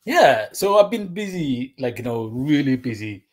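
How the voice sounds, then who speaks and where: A man calls in as a guest on a video call, rambling with many fillers and laughing between points as he explains his project in casual conversation. His medium-pitched voice is very animated and a little mellow, at normal speed.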